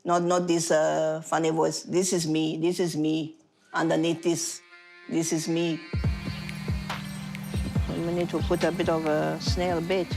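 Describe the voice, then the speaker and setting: A woman from Australia with an Italian-sounding accent, telling her story in a casual interview with animated restarts. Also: low-pitched, a little slow, creaky, long pauses, soft background music. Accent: Italian-sounding, from foreign accent syndrome.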